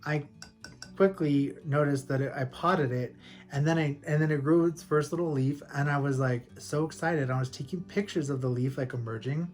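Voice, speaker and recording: A man talking casually at home as a plant-collector vlogger, rambling and animated, with frequent laughs. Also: on the high side, normal speed, soft background music. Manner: rambling and animated, laughs often, lots of fillers. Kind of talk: casual chatty storytelling. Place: at home with houseplants.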